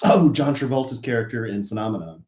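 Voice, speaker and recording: A man's voice: medium pitch, fast, darkish tone. Playful man in an echoey room. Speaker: co-host. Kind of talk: casual live-stream chat.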